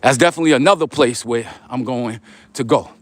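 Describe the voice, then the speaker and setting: A middle-aged man with a New York accent talks casually into a phone as he walks down a street outdoors. He reads viewer comments aloud and answers them in relaxed, streetwise slang, in a voice of ordinary middle pitch. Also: fairly quick, dry recording. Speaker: vlogger reading live chat. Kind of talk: casual livestream chat while walking.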